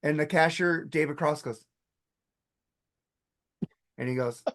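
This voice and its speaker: A podcast co-host with a slightly high voice speaks slowly with long pauses while casually retelling comedy sketches. He's an animated storyteller who acts out the sketch voices and swears freely.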